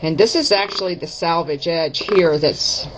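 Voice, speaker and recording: This woman speaks on the low side at a moderate pace, against a noisy background. She's a craft vlogger who chats casually to camera, explaining each step of her projects and correcting herself in a folksy way. Her camera mic produces dull lo-fi audio.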